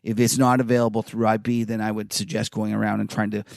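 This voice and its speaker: A man co-hosting a markets podcast in casual, animated chat, full of "like" fillers. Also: fairly low pitch, fast, vocal fry, no echo, clean studio sound. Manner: animated, chatty, many "like" fillers. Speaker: podcast co-host.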